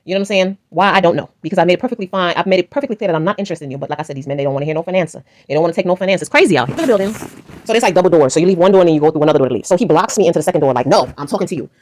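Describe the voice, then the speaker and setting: A woman's voice: lowish voice, racing, darkish tone, a little hiss or hum. A woman telling a storytime vlog in a blunt, emphatic, profane way. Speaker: vlogger.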